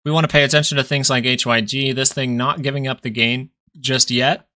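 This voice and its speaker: Reading charts on his live stock market stream, a young man thinks aloud casually. His medium-pitched voice is bright and forceful, fairly even in intonation, and a little fast.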